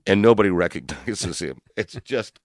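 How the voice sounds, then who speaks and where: An older man co-hosting a radio talk show, telling a personal story in an animated way with frequent laughs and fillers. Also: low voice, moderate pace, no room sound, studio quality. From Louisville, Kentucky area. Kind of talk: storytelling in casual chat.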